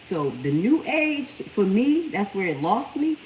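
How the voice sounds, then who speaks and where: A woman's voice: mid-range voice, a little slow, slight background noise, low-quality recording. A middle-aged woman hosting a livestream, talking casually and animatedly. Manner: animated storytelling, lively quoted voices. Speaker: livestream host.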